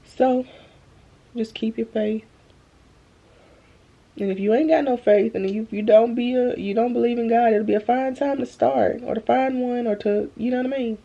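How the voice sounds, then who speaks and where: Drained young woman, gravelly voice. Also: fairly high pitch, steady tone, warm tone, lo-fi sound. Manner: earnest, slow and halting, addresses viewers as y'all. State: drained, holding back tears. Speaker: vlogger. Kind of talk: emotional faith-filled vlog talk. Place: at home, bedroom. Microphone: phone camera.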